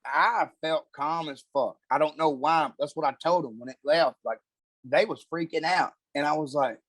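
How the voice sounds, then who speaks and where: A man telling a story as a podcast guest, laid-back and drawling, and swearing constantly. His voice sits a little high for a man and sounds close and dry, with no room around it. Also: moderate pace, a bit bright, no echo. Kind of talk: casual storytelling.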